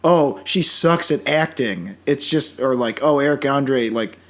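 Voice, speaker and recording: A man's voice: medium pitch, expressive, a little slow, fairly bright tone. A man co-hosting a podcast, talking casually and enthusiastically with frequent restarts and asides. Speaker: podcast co-host. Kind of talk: casual chat.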